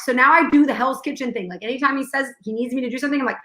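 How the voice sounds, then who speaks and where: A young adult woman co-hosts a casual chat, telling stories and acting out the dialogue as she goes. Her voice is fairly high and sharp, moving at a quick pace with few pauses, and the room sounds echoey.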